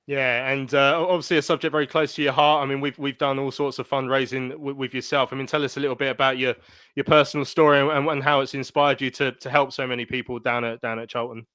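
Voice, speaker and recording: Smooth-voiced male podcast host. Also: medium pitch, flat delivery, fast talker, a bit bright, dry recording. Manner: hesitant, many filler "uh"s. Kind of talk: casual fan podcast chat.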